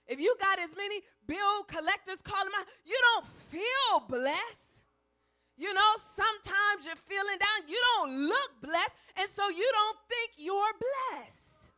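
High, bright-voiced woman preaching slowly. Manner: builds to shouted climaxes, then drops soft to tell stories. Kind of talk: sermon.

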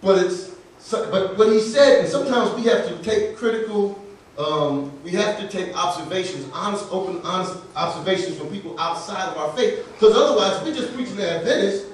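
A male pastor with a high voice preaches and tells a story, laughing as he acts out both sides of a conversation. He is heard from some distance off the mic, and the hall around him rings with heavy echo. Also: fairly quick, a little hiss or hum. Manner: animated, laughing storyteller acting out dialogue. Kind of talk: sermon with personal storytelling. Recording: echoey room, voice from far off the mic.

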